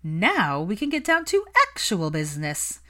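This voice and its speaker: A woman's voice: fairly low pitch, huge pitch swings, normal speed, fairly bright tone. A woman voicing a smug young witch who teases her friends in a sly, brash way, in a storybook reading. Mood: teasing.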